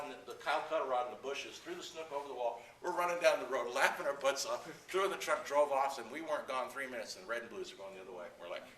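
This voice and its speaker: A middle-aged man telling fishing stories to a club audience, animated, acting out the people in them and laughing often. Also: medium pitch, noisy background. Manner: animated yarn-spinner, acts out quotes, laughs often. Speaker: guest speaker at anglers club. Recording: echoey room, speaker far from mic.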